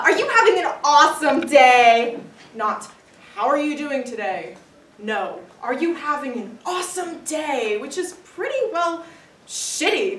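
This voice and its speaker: A teenage girl performing a comic monologue on stage, with a wry, deadpan delivery. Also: on the high side. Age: teens. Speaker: student actor. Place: stage in a hall. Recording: echoey room, far from the mic, faint noise.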